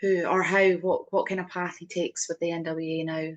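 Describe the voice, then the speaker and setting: A woman co-hosting a podcast in casual chat, chatty, with quick asides. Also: fairly low pitch, little pitch movement, muffled recording. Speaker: podcast co-host. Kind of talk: casual chat recapping wrestling.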